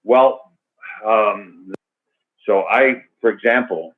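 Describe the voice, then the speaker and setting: A man's voice: fairly low pitch, slow. An older man answering student questions in a loose, rambling way, full of fillers and restarts, over a call. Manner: rambling and verbose, many fillers. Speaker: guest actor. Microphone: video call. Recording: tinny phone-like video call audio.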